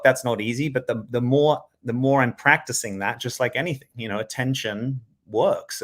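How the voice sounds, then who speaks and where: A man's voice: medium pitch, fairly bright tone. A man speaking as a self-development coach in a reflective solo talk to camera, often checking in with "right?".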